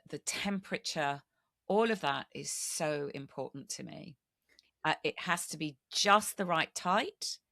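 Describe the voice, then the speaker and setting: A woman's voice: deep voice, gravelly, sharp tone, no room sound, clean studio sound. A woman hosting a podcast, speaking candidly and reflectively about her own experiences. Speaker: podcast host. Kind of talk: conversational podcast interview.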